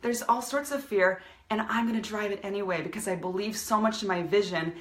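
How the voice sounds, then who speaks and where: Addressing her live-stream viewers as their coach, a business coach delivers fiery motivation. She speaks in a lowish yet fairly bright voice, captured with a roomy sound.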